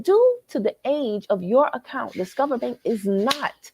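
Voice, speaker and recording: A woman with a Southern American accent hosting a livestream, talking straight to her viewers in a worked-up, animated way from a hotel lobby. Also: a little high, unhurried, husky. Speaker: livestream host. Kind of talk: animated live chat reading comments.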